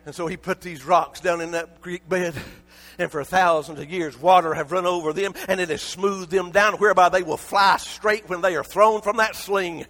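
A male preacher, preaching a sermon that swings from shouted peaks to soft, close asides. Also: high-pitched, steady tone, moderate pace.

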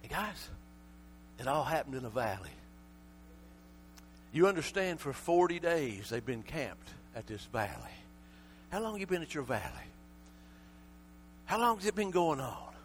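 A male preacher, preaching a sermon that swings from shouted peaks to soft, close asides. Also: a little high, big pitch swings, unhurried, pauses often, slight background noise.

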